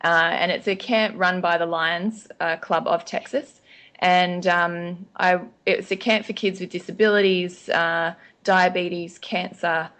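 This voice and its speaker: A woman's voice: on the low side, fairly even intonation, unhurried, a bit bright. An Australian woman talking casually as an interview guest, chatty with lots of ums and restarts.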